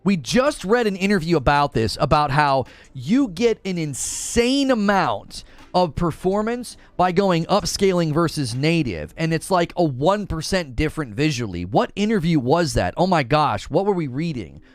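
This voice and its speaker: A man hosting a casual gaming livestream, talking in an animated, exasperated rant to his chat. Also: fairly high pitch, normal speed, no room sound.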